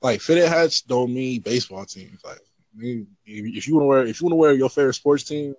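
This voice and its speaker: A man from the Los Angeles area talks in loose, rambling casual chat, full of fillers. His voice sits at an ordinary male pitch and sounds dry and close to the mic. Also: a little fast, a little mellow, no echo, poor audio. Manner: rambling, many fillers, laughs off his points.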